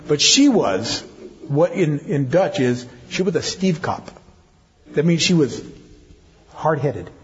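Heard on a dull, lo-fi church recording, an older man delivers a sermon and playfully teases the women seated in the pews. He's a pastor whose voice runs on the high side, with a breathy edge.

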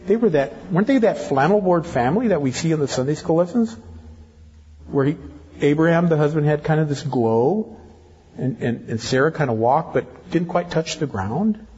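During his sermon, an older pastor turns to tease the ladies in the congregation now and then. His fairly high voice is husky and a little mellow, and the church recording sounds dull and lo-fi.

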